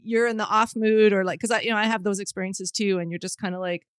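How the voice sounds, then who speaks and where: A woman's voice: medium pitch, steady tone, quick pace, clear, resonant tone, no room sound, clean studio sound. A woman podcast host, a veterinarian, chatting in a friendly way and laughing easily. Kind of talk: casual conversation.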